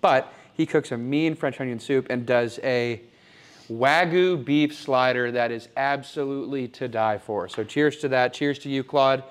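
A man's voice: medium pitch, measured pace, lightly acted. A young man playing a smug, oblivious rich guy who shows off his loft in a rambling, boastful, mock-sentimental way. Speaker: comedic character giving a home tour. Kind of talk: improvised parody home-tour sketch. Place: apartment loft, walking room to room.

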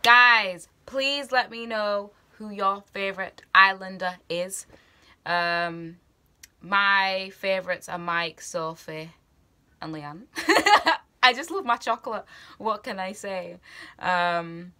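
A woman's voice: fairly low pitch, bright, forceful tone. A woman vlogger chatting casually about a reality show, thinking aloud and rambling with lots of fillers. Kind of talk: casual chat.

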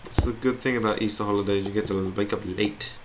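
A man's voice: fairly low pitch, fairly even intonation, fast. A young man chatting in a rambling, self-mocking way as he plays a video game. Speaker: gamer. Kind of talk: gameplay commentary. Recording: noisy home recording with keyboard clicks.

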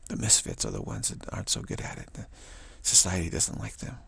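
A low-pitched man with a gravelly, very husky voice gives a casual spiritual talk outdoors. He muses and circles back on his words. Now and then he acts out the voices he quotes. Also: sing-song, a little fast, pushed and bright, no echo. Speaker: spiritual teacher. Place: outdoors in the evening.

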